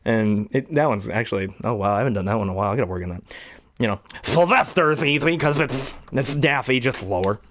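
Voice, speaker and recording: A man with a baritone voice, a hobby voice actor chatting casually, who rambles and often clears his throat. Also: expressive, fast talker, a bit bright, no room sound. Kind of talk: casual talk to camera.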